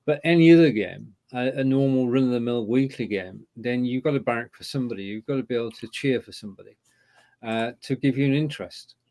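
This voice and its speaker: A man co-hosting a casual live-stream chat, speaking in a measured, opinionated way. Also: mid-range voice, dark tone. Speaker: co-host.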